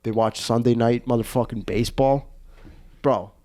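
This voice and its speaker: A male podcast host chatting casually and telling stories with a middle-pitched voice. He rambles, swears freely and restarts his sentences as he gets animated. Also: moderate pace. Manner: rambling, profane, animated storytelling with many restarts. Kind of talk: casual comedic chat.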